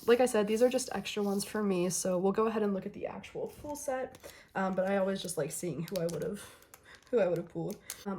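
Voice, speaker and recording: A young woman chatting casually through an unboxing, gushing and excitable, and losing her voice. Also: medium pitch. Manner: gushing, excitable, lots of ums and laughs. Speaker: vlogger.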